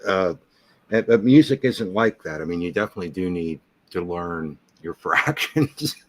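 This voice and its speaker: A man with a deep, low-pitched voice talks casually. He asks curious beginner questions and often restarts his sentences as he works through an idea. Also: animated, normal speed. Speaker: host. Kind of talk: casual chat.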